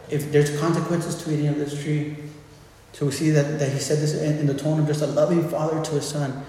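A man's voice: a little high, level tone, fast talker, warm tone, slight background noise. Man preaching in an echoey hall. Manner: conversational, repeats words when restarting. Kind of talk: informal sermon. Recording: echoey hall with faint ambience.

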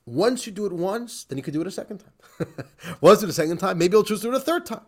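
A man, a rabbi, teaching a class in a lively, animated way, often laughing and repeating phrases for emphasis. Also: high voice, fast talker, husky.

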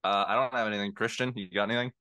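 Bright-toned wry man, podcast banter. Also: lowish voice, fairly even intonation, racing. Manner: wry, mock-exasperated banter. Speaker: podcast co-host. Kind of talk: casual chat.

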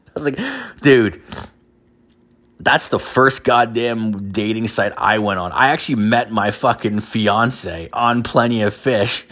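A man's voice: low voice, a bit bright. A young man telling a crude, profanity-heavy story as a podcast host, laughing at his own jokes.

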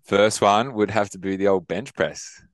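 Deep-voiced laid-back man. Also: normal speed, dry recording, clean studio sound. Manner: rambling, laughs often, swears casually. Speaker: podcast co-host. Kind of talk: casual chat.

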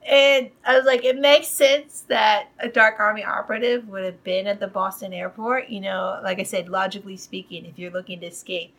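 A woman's voice: mid-range voice, fairly even intonation, normal speed, hardly any pauses, fairly bright tone, rough recording. A woman hosting a podcast, casually recapping a TV episode in a rambling way, full of fillers. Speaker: podcast host.

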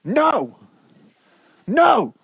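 A man's voice: wildly swooping pitch, drawn-out words, a bit bright, no room sound, clean studio sound, exaggerated voice. A man voicing a stubborn little toddler boy who squeals "no" again and again as he refuses food. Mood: defiant. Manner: high squealing repeated no, pointing defiantly.

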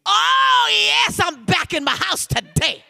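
High-pitched, bright fervent male preacher. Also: big pitch swings, slow, vocal fry. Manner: shouting, urging call-and-response; repeats words, fervent preaching cadence. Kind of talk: sermon.

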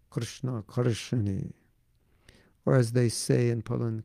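A man's voice: mid-range voice, normal speed, vocal fry, mellow, slightly rough, dry recording, clean studio sound. A man giving a devotional talk as a spiritual teacher, earnest and repetitive, often saying "you know", then taking viewer questions.

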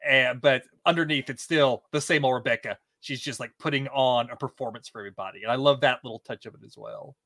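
A man co-hosting a podcast in casual chat, animated and laughing often. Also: fast, hardly any pauses, no room sound. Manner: animated, laughs often, quotes in high put-on voices. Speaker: podcast co-host.

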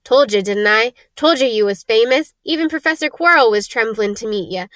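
A woman voicing a huge, gruff, friendly half-giant man who talks in a blunt, homely way. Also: a little high, expressive, brisk, fairly bright tone, no room sound. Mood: chatty. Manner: hearty, blunt, homely speech.

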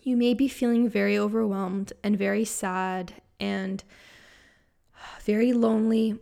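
A woman speaker giving a reflective spiritual talk in a soft-spoken, meandering way with frequent fillers. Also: medium pitch, fairly even intonation, measured pace, gravelly.

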